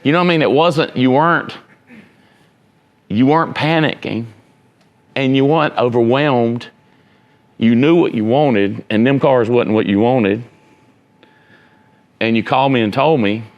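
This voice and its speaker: Talking informally to students, a male entrepreneur and motivational speaker rambles emphatically and keeps asking if they're with him. He speaks in a mid-range voice, unhurried and with frequent pauses, on a muffled recording.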